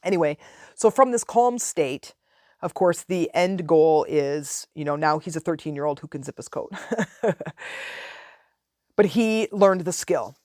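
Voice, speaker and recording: A woman's voice: deep voice, lively intonation, moderate pace, mellow, no echo, studio quality. A middle-aged woman hosting a podcast, chatting casually and telling stories with asides. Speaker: podcast host. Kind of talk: casual advice talk.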